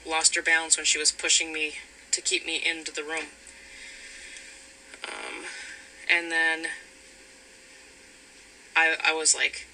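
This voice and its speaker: A man giving a rambling personal account, halting with frequent fillers and restarts, sometimes quoting heated exchanges. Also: on the high side, bright, forceful tone, rough recording. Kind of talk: personal account of a past relationship. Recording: noticeable background noise.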